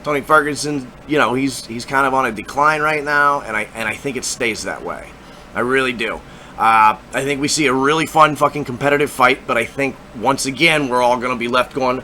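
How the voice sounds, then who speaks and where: A man hosting a casual fight-prediction talk, profane, excitable and rambling with lots of repetition. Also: mid-range voice, brisk, a little hiss or hum. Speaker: MMA fight predictions host.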